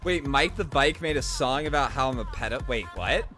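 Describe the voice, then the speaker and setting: A man's voice: medium pitch, expressive, normal speed, over music. A man on a played stream clip talking defensively and indignantly. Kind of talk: live-stream talk.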